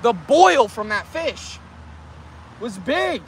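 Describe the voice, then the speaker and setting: A man chatting to viewers in a casual outdoor fishing vlog, excitable and talkative, recorded on a camera mic by a canal. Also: very high voice, slow pace, a little hiss or hum. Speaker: fishing vlogger.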